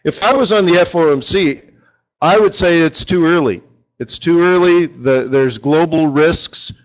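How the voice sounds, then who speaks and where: A fairly high-pitched man runs a live currency trading session in a loose, chatty way, cracking jokes and speaking to his viewers as if they were in the room. The audio is muffled and lo-fi, like an older webcast. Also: unhurried. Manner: chatty and joking, talks to viewers by name. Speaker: forex market strategist.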